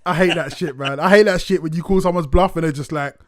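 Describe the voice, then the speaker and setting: A man's voice: fairly high pitch, fast. A man chatting casually on a podcast, laughing easily and swearing freely. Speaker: podcast co-host. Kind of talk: casual chat.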